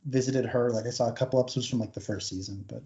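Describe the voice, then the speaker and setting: A man's voice: medium pitch, fairly even intonation, rapid-fire, warm tone. A man chatting casually on a podcast, musing in an easygoing way with fillers. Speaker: podcast co-host. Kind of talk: casual chat. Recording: echoey muffled room audio.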